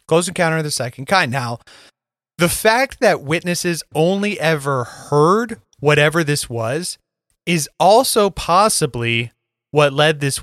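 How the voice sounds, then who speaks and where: A podcast co-host chats casually in a fairly high, fairly bright voice, recorded clean in a studio with no room sound. He's laid-back, swears, laughs, and fills his speech with lots of "like" and "um."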